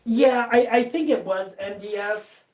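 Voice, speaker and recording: Unhurried, rambling workshop streamer of mid pitch; loose filler-heavy chat, casual cursing, sits back from the mic. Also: darkish tone, recorded from a distance. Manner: rambling, many fillers and restarts, casual swearing. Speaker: livestream host. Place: basement workshop.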